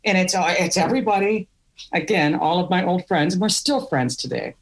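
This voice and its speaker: Animated storytelling middle-aged woman. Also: fairly low pitch, brisk. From Wisconsin, US. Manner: animated, candid, laughs through stories. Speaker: podcast guest. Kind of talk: storytelling interview.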